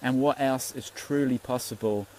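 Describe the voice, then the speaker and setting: A man's voice: mid-range voice, fairly even intonation, moderate pace, darkish tone, a little hiss or hum, rough recording. A man, a spiritual teacher giving an earnest, rambling Facebook Live talk and swearing freely.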